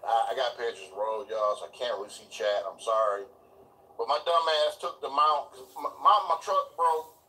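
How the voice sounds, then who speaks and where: A man's voice: medium pitch, distant mic, rough recording. Profane ranting man streaming from his car. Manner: loud, profane, animated ranting with yelling bursts. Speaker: commentary streamer. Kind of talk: ranting live stream commentary. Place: driving in a vehicle. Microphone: phone in hand.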